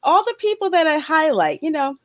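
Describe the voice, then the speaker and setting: Brief: woman host, casual chat, lively up-and-down voice, a little high, giggly, faint noise behind. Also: brisk. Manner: chatty, giggly, lots of fillers. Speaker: talk show host.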